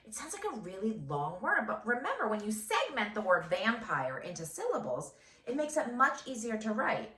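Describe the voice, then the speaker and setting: A first grade teacher woman dictating a phonics lesson, sounding out words slowly and clearly syllable by syllable. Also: on the high side, sing-song, a bit bright. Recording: echoey room, voice from a distance.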